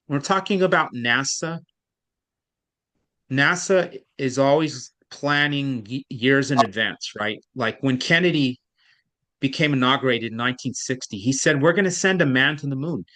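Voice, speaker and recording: A man's voice: mid-range voice, bright, forceful tone. Patient man tutoring reading online. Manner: patient, explanatory, rambling with restarts.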